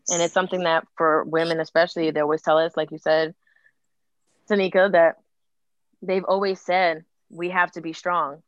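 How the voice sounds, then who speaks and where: A woman in her late twenties with a slightly low voice talks candidly in a group conversation. She tells personal stories with animated, acted-out quotes. The sound is dry and a little muffled. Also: dry recording. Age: late 20s.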